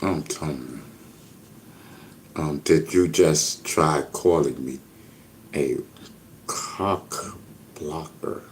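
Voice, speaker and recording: A man's voice: a bass voice, extremely slow, pauses often. A man hosting a casual livestream, reading viewer comments aloud and riffing on them with repeated catchphrases. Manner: reads chat comments aloud, repetitive catchphrases. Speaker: livestream host.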